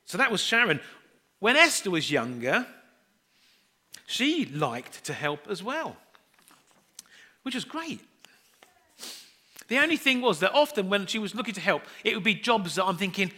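A middle-aged man delivering a sermon. His voice sits fairly high, bright and forward, and swoops up and down as he spins self-deprecating stories from family life. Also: big pitch swings, unhurried, pauses often. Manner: chatty, self-deprecating storytelling, acts out quoted voices. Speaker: preacher.

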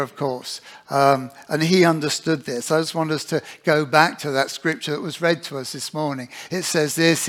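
A man's voice: a little high, a bit bright. A man preaching a sermon in an earnest way, often putting rhetorical questions to his listeners.

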